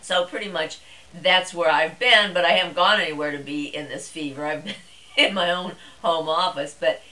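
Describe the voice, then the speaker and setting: Chatty low-voiced woman vlogger. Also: normal speed, pushed and bright, low-quality recording. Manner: chatty and rambling, with fillers. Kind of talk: casual monologue to camera.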